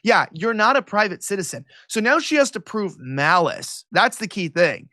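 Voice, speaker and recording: A male political commentator talking as an interview guest, quick and sarcastic, with a mocking edge. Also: high-pitched, sing-song, pushed and bright, no room sound, clean studio sound. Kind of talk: animated interview talk.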